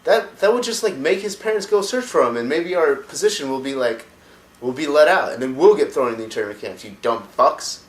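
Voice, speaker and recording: A man voicing an adult male orc warlord who is hot-tempered, shouting and swearing as he scolds. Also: a little high, animated, brisk, voice pushed up, close to an everyday voice. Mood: scolding. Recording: roomy echo.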